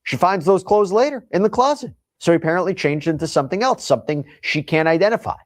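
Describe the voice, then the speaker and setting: This is a man reading a scripted true-crime narration. His pitch rises and falls in a lively way, and he adds slow, dramatic pauses. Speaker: documentary narrator.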